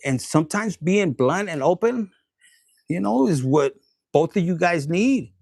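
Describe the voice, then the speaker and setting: A man's voice: sits high, expressive, a little slow, gravelly, darkish tone, no room sound, clean studio sound. A man giving a casual tarot reading, blunt and crude, laughing and acting out the lines of the people he describes. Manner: blunt, crude, playful, acts out quoted lines. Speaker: tarot reader.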